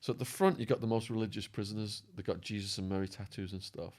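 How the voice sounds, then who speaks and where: A man telling prison stories as a podcast guest, acting out quotes and laughing, his voice going hoarse. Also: lowish voice, fast. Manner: animated storyteller, acts out quotes, laughs. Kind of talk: storytelling interview.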